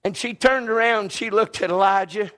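A man preaching a storytelling sermon, folksy and emphatic, dropping to a hush and rising to a shout. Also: high-pitched, fairly even intonation, moderate pace.

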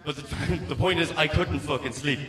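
Irish stand-up comic, thirties, high voice, profane and rambling; roomy sound, mic kept at a distance. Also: male voice, normal speed, fairly bright tone. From Ireland. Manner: profane, rambling, frequent stammered restarts. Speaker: stand-up comedian. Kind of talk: stand-up comedy set. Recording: echoey room, mic at a distance.

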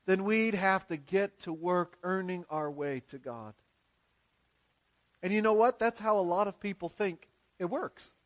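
A male pastor with a fairly high voice delivers an earnest church sermon at an unhurried pace. He leans on emphatic repetition and rhetorical questions.

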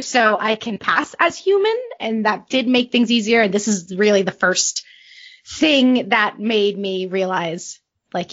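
A woman with a slightly high voice, introducing her tabletop character with giggles and hesitant pauses. The audio is dull and lo-fi. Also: a bit bright. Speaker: player. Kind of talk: casual chat, introducing a character.

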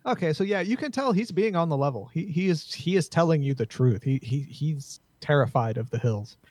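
Husky laid-back game master. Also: male voice, on the high side, expressive, brisk, darkish tone, no echo. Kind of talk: narrating a tabletop game.

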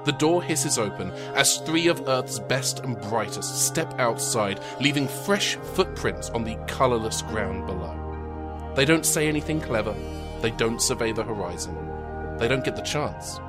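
A male game master telling the story with dry comic timing, slowing down to set a scene and speeding up for the jokes. His pitch is middle-of-the-road. Clear music plays behind his narration. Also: animated. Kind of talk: scripted narration and casual chat.

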